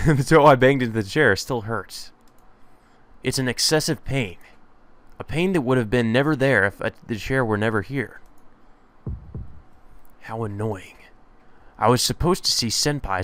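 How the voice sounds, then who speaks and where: A man's voice: medium pitch, expressive, moderate pace, a bit bright, dry recording. Sarcastic man reading a visual novel. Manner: sarcastic, profane asides. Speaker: let's play host.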